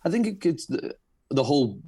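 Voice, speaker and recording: A man's voice: fairly high pitch, big pitch swings, fairly quick, mellow, breathy edge, dry recording. A young man from Carlisle with a Cumbrian accent, talking earnestly as a guest in a casual interview, with frequent restarts. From Carlisle, England. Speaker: band frontman, guest.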